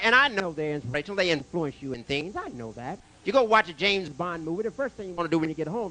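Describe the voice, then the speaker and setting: Very high-voiced, lively male stand-up comic. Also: a little hiss or hum. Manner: brash one-liners, teasing the audience. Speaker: stand-up comedian. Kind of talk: stand-up comedy with crowd work. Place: comedy club stage with a live audience.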